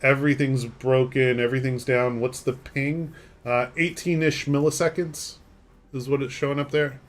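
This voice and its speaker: Guy live streaming a game, rambly and joking at himself, answers chat, mid pitched voice on a desk mic. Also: steady tone, moderate pace. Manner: rambling, self-deprecating, reads chat aloud and answers.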